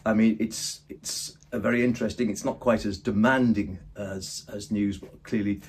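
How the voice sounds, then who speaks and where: A man with a low, husky voice talks in an earnest, halting way, full of ums and restarts. His delivery is deadpan, played for comedy as a mockumentary interview. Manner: hesitant, earnest, many ums. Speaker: radio programmer character in a mockumentary.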